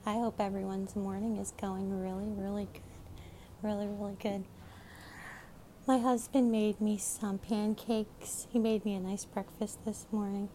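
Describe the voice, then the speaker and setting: A middle-aged woman hosts her own show and talks into her phone in an unhurried, meandering way. She is chatty and affectionate and circles back on her thoughts. A faint hiss sits under her voice. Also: mid-range voice, warm tone. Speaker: podcast host. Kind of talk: casual chat.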